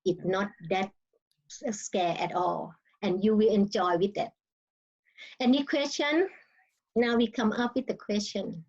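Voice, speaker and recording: A woman's voice: medium pitch, a little slow, pauses often, darkish tone, husky, dull audio. A woman with a Thai accent teaching her language in an online lesson, speaking non-native English and sounding out words tone by tone. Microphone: video call.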